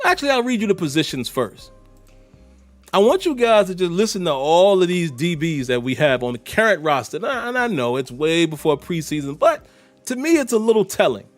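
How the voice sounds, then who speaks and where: A man hosts his own podcast in an easygoing, conversational way. His voice sits a bit high and swings up and down as he talks to his listeners. The recording is dry and close, with faint music underneath. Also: dry recording. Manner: chatty, animated, talks straight to listeners. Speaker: podcast host. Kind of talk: casual solo podcast commentary.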